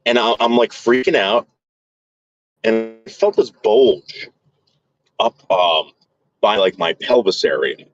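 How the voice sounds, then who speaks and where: A man's voice: lowish voice, animated, takes it slowly, pauses often, muffled recording. A man vlogging to his viewers in a crude, rambling casual monologue full of fillers and restarts.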